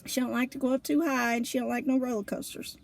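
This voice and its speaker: High, gravelly woman telling a story. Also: quick pace. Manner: lively, colloquial, laughing often between lines. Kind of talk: casual spoken storytelling.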